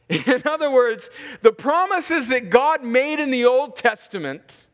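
A man preaching an expository sermon as a pastor, slowing down to stress key words and chuckling between points. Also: very high voice, animated, a bit bright. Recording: long reverb of a large hall.

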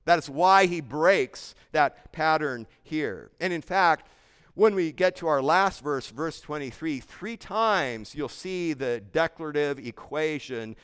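A man preaching a sermon in a smooth, resonant, slightly high voice. He is earnest and emphatic as he walks through scripture verse by verse. The sound carries a long echo of a church hall. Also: lively intonation, takes it slowly, a bit bright. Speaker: pastor. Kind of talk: expository sermon.

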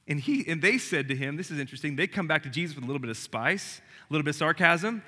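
A man preaching a sermon as pastor, swinging between emphatic, rising lines and hushed, quiet ones. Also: a little high, lively intonation, quick pace, hardly any pauses, long reverb tail.

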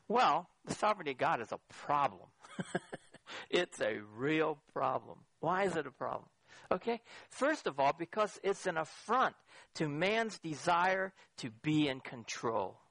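Gravelly-voiced man preaching a lively sermon. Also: medium pitch, no room sound. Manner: lively, questioning the audience directly. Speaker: pastor.

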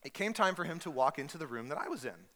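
Animated male pastor in a reverberant hall. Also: fairly high pitch, fast talker. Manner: storytelling, animated, acts out voices with humor. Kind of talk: sermon. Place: church hall.

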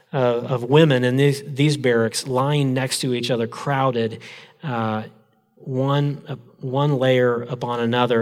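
A man's voice: medium pitch, in a large hall. A male pastor giving a conversational sermon, with frequent fillers and restarts.

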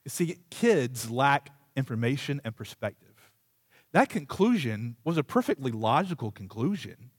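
A man's voice: mid-range voice, no echo, studio quality. A man preaching a sermon as pastor, telling a humorous, self-deprecating story in a conversational, rambling way with many asides. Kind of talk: sermon with a personal anecdote.

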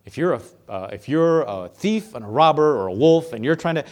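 A man preaches in a loose, conversational way, his voice pitched a little high. He gets animated and slips into the voices of the people he quotes. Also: fairly quick. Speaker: pastor. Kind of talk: sermon.

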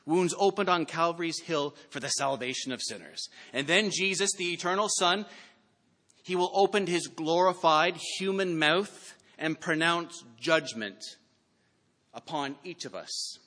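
A man preaches a sermon from the pulpit, his voice bright and forceful. He reads scripture with dramatic emphasis and now and then calls out loudly. His words ring with the long reverb of a large church sanctuary. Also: on the high side, unhurried. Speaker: pastor.

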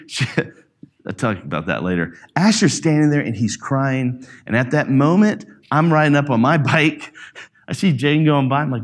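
A middle-aged father tells a personal story to a church audience. His pitch moves a great deal, and he slips into the voices of the people he quotes. The talk is loose and conversational. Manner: animated, acts out quoted voices. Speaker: parent speaking to a church audience.

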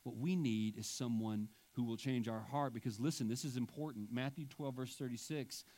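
A man's voice: medium pitch, moderate pace, mellow. A male pastor preaching a sermon with emphatic delivery and wry asides.

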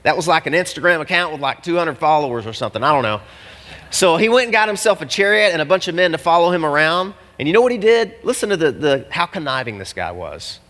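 A pastor preaching in a church hall, his voice ringing with a long reverb. He talks in a casual, animated way and drops slangy asides to the congregation. His voice sits a little high for a man. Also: quick pace. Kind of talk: sermon.

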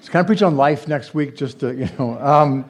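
A man's voice: medium pitch, normal speed, breathy edge. A man who is a pastor, giving a conversational sermon with fillers, restarts and light joking asides.

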